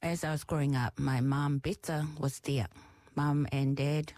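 A middle-aged woman with a Samoan accent, slowly and fondly recalling her family upbringing. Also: sits low, fairly even intonation, a little mellow, no echo. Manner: slow, reflective, affectionate. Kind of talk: personal storytelling.

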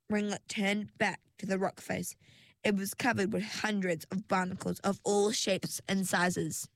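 A woman narrating a children's storybook in a measured, expressive reading. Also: mid-range voice, gravelly, no echo.

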